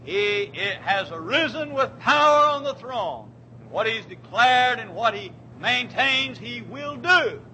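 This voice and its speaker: Fervent bright-voiced male preacher. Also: very high voice, expressive, slow pace, a little hiss or hum, poor audio. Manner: fervent, swings from quiet to shouting. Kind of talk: sermon.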